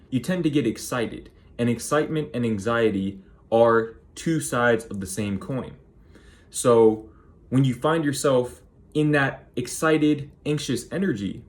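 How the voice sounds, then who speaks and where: A man giving direct-to-camera advice on public speaking, with a measured, deliberate delivery that slows right down on key words. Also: mid-range voice. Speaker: speaking coach YouTuber.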